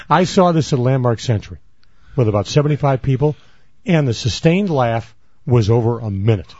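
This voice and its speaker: Rambling mellow-voiced man. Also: mid-range voice, expressive, moderate pace, no echo, muffled recording. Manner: rambling, repeats himself, acts out scenes. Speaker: podcast co-host. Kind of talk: casual banter and storytelling.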